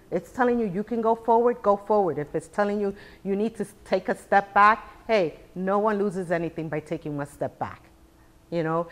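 An older woman in her sixties speaks to a live audience of entrepreneurs with a slightly low voice. She talks in an animated way, throwing out rhetorical questions and playing out quoted remarks from other people. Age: 60s. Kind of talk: live business talk.

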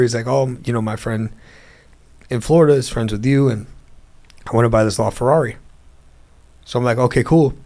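Man, gravelly voice, fairly flat pitch; a guest telling stories in a laid-back interview. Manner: animated storyteller acting out phone calls. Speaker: interview guest, car dealer. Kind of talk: storytelling in a casual interview.

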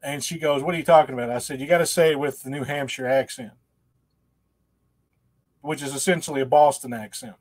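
A man's voice: medium pitch, steady tone, a little fast, long pauses, darkish tone. A man hosting a casual livestream, rambling in a folksy, self-mocking way and laughing often. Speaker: host.

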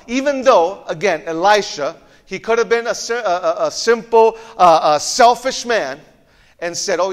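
A man's voice: high-pitched, in a large hall. A male pastor preaching a sermon in a church, telling the story animatedly and often repeating words as he goes. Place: church auditorium.

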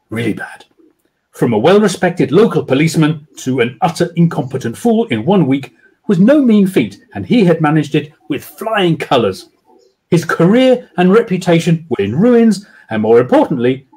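A man's voice: a little high, darkish tone, breathy edge. A man, an author, reading his children's book aloud over a video call with dramatic storytelling.

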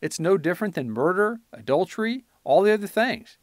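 A man's voice: high-pitched, very animated, fairly quick, no room sound, studio quality. A man giving informal Bible teaching on a podcast, reading scripture aloud with rising emphasis and then explaining it in loose, filler-heavy talk.

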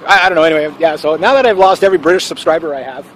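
A man with a notably high voice rambles through a casual opinion vlog in a forceful, opinionated way. He talks outdoors, and faint traffic and city ambience sit in the background. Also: racing, few pauses, low-quality recording. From Canada. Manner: assertive, rambling, with fillers and restarts. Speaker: channel host.

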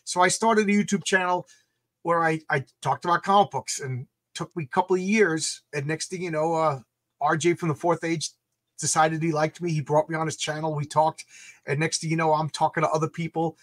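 A man guesting on a live stream, chatting casually from his home comic room over a video call, excitable and repeating his words as he goes. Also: on the high side, brisk, no echo.

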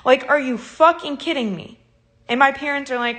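A woman's voice: sits high, moderate pace, fairly bright tone. A woman ranting on a live stream, angry and swearing a lot while crying. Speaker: livestreamer.

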